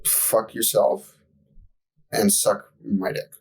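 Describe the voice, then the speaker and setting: A man's voice: on the low side, little pitch movement, slow pace, slightly rough, low-quality recording. A young man telling a profane, exasperated story in casual podcast chat as co-host.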